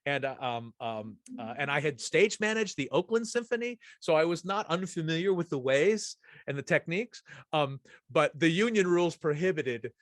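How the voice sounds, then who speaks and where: A man's voice: on the high side, animated, normal speed, no room sound, studio quality. A middle-aged man hosting a casual chat, telling a rambling, anecdotal story full of restarts. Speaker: host.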